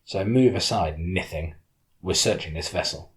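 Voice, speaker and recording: A man voicing a contemptuous male police officer who speaks slowly and threateningly in an audiobook. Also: deep voice, natural voice. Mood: menacing. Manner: slow, threatening.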